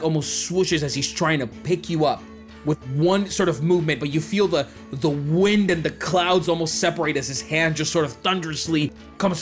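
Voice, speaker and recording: A man narrating a tabletop game as game master, describing scenes with lots of fillers. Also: a little high.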